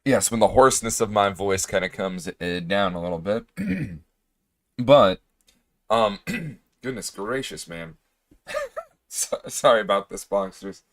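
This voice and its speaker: Hoarse, low-voiced man streaming. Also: expressive, unhurried, long pauses, no room sound. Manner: rambling, with frequent fillers and throat clearing. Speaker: game streamer. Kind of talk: casual livestream chat.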